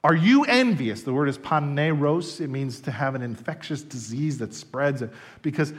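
A man preaching a sermon, animated and emphatic as he tells stories. His voice sits fairly high for a man. It rises and falls widely in pitch. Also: moderate pace. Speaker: pastor.

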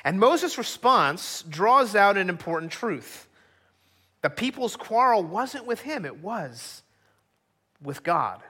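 A man's voice: high voice, big pitch swings, slow, pushed and bright, husky. A middle-aged man preaching a sermon as pastor, earnest and acting out quoted voices.

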